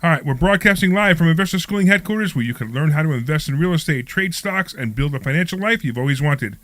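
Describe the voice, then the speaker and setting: Guy hosting a live radio show, kinda high voice, upbeat intro then loose banter, dry studio sound. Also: lively intonation, fast talker, fairly bright tone, no echo. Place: studio at a training office.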